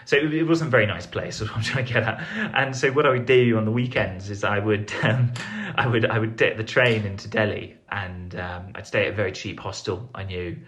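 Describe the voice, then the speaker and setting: A young foreign correspondent from England, guesting on a podcast, talks fairly quickly with few pauses in a fairly low, slightly bright voice. He tells a meandering, self-deprecating story in a casual interview, peppered with fillers and restarts.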